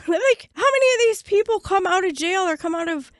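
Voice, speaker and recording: A woman guest on a podcast, telling her story bluntly and swearing freely, her voice going hoarse. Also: very high voice, animated, fairly quick, dry recording, clean studio sound. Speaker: podcast guest, prisoner advocate. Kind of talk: candid storytelling interview.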